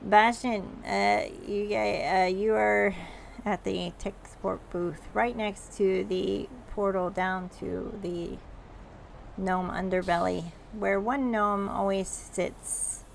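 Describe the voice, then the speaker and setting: Slow, gravelly woman game master. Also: medium pitch, fairly even intonation, slight background noise. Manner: hesitant, full of pauses. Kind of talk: narrating a tabletop game.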